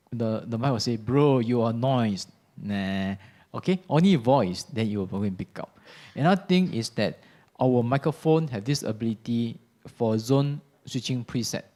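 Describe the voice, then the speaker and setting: Guy running an audio workshop, casual and chatty, keeps asking okay, mid pitch. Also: a little mellow. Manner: chatty, informal, checks in with "okay?" often. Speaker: audio product trainer. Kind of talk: workshop product demo talk. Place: workshop classroom. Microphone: ceiling and handheld microphones in a live demo.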